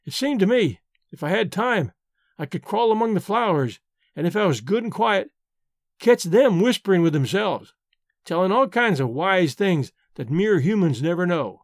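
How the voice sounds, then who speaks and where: Man reading dreamy backwoods frontier lady, folksy talk, highish voice, dry mic. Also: animated, normal speed, no room sound. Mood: wistful. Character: wistful frontier-born woman, tribe leader, poetic dreamer. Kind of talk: audiobook reading.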